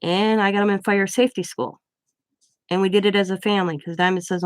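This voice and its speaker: A middle-aged woman telling a story in a casual, blunt and animated way, acting out the people she quotes. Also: medium pitch, a little fast, clean tone, dry recording. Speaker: crafting channel host.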